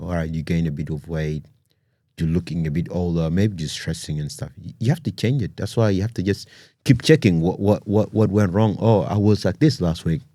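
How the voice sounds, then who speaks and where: A man with a very low, mellow voice hosts a podcast and talks in an easygoing but earnest way. He often tags his thoughts with "you know" and "man". The sound is close and dry. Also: dry recording. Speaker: podcast host. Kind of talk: casual podcast monologue.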